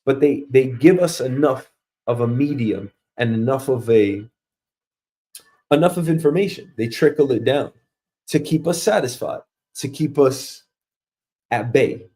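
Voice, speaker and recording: A man's voice: mid-range voice, measured pace, warm tone. A man hosting a casual show, ranting profanely in a mocking way and acting out quoted coworkers. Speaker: host.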